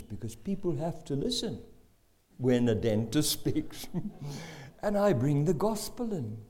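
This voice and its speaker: A man voicing a stern dentist who preaches about sin, with a slow, solemn delivery. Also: fairly high pitch, mellow.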